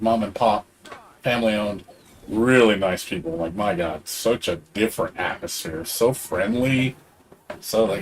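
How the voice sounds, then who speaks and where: A man's voice: medium pitch, slight background noise. A middle-aged man streaming a game, rambling in casual chat and swearing freely. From Hispanic background.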